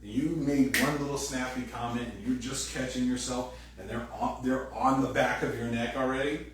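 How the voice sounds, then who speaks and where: A man's voice: mid-range voice, steady tone, normal speed. A man preaching a sermon from some distance off the mic, his voice ringing around a very reverberant hall. He talks in a loose, joking way and slips into put-on voices to act out little scenes. A faint hum of room sound sits behind him. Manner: casual, joking, acts out quoted voices. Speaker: pastor. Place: church sanctuary.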